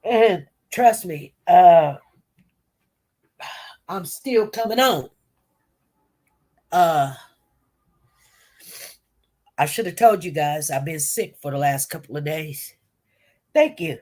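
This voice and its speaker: A woman's voice: sits low, lively intonation, slow pace, pauses often, mellow. A woman with a cold, coughing now and then, giving chatty live commentary and talking straight to her viewers and chat. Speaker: livestream host. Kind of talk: casual commentary livestream.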